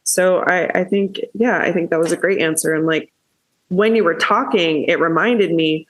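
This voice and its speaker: A woman hosting a podcast in casual chat, candid and quick to swear as she gets heated. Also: on the low side. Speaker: podcast host.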